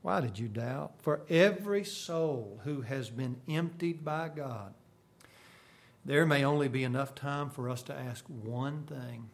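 A man preaching a sermon, swinging from sudden loud bursts to hushed, quiet lines. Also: mid-range voice, a little slow, creaky.

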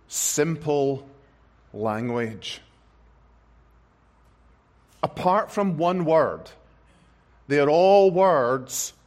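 A man preaching a sermon, stressing words one by one and repeating phrases for effect. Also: fairly high pitch.

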